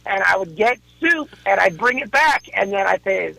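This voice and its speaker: Man, high-pitched, gravelly, profane storyteller, dry sound. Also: expressive, moderate pace, bright, forceful tone, no room sound, low-quality recording. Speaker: caller. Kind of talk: casual chat. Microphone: phone call.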